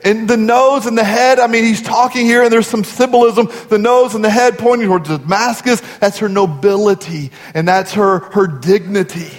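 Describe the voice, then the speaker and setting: A man's voice: sits high, normal speed, hardly any pauses. A man in his forties, a pastor giving a sermon in an earnest, conversational storytelling way. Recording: long hall reverb.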